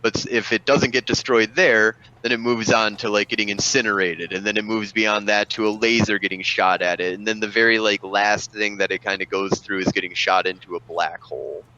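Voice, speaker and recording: A man's voice: lowish voice, steady tone, a little fast, hardly any pauses, sharp tone, dull audio. A man narrating as game master, rambling and full of fillers.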